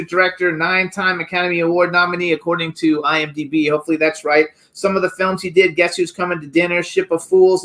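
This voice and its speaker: A man's voice: high-pitched, sharp tone. A male talk show host introducing a guest in a gushing, rambling way with plenty of fillers. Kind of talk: casual chat.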